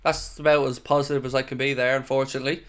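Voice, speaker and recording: A man's voice: mid-range voice, little pitch movement, fast, a bit bright. A young Irish man hosting a football watchalong stream, chatting casually and reading out viewer comments. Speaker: watchalong host.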